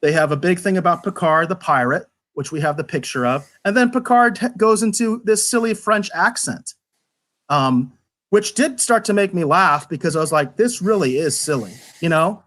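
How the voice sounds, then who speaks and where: A man with a slightly high voice, co-hosting a live review show. He talks in an animated, rambling way, stumbling over restarts as he goes. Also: normal speed. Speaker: podcast co-host. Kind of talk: casual review chat.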